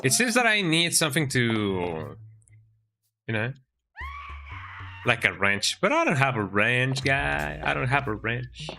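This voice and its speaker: A man's voice: medium pitch, big pitch swings, unhurried, vocal fry, long pauses, pushed and bright, shouting, slight background noise. A man streaming a game, chatting and joking as he plays, reading in-game text aloud and ending lines with "eh?". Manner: chatty, jokey, tags lines with "eh?". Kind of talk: let's-play commentary.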